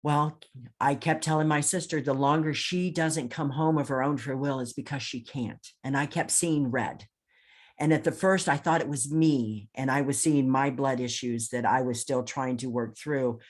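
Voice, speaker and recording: A woman's voice: extremely low pitch, moderate pace. Intense woman retelling a story. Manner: intense, emphatic retelling with frequent restarts; acts out others' lines in quoted voices. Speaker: podcast guest. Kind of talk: personal storytelling in an interview.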